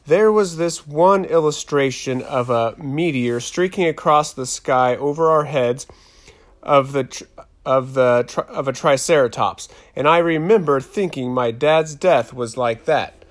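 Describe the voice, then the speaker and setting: A man voicing a thoughtful, soft-spoken preteen girl in an audiobook. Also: medium pitch, unhurried, natural voice. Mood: reflective.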